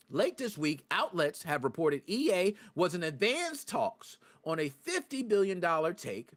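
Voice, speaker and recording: A man with a high, bouncy voice hosts a live gaming podcast and chats straight to his viewers. He jumps from quiet mumbles to loud, excited outbursts and curses freely as he rants. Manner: talks to live chat viewers. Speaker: podcast host.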